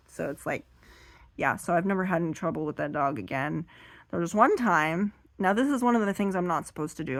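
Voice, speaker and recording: A woman telling a rambling, self-deprecating stand-up story while seated, now and then bursting into loud high acted voices, her voice a little strained. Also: fairly quick, no echo. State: strained voice from being too loud. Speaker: stand-up comedian.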